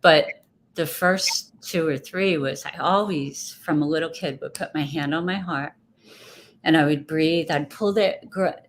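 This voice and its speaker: Woman, low voice, rambling reflective talk, interview guest, faint hiss behind. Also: measured pace. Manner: rambling, reflective, restarts thoughts. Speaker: guest speaker. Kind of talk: casual interview chat. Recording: faint background noise.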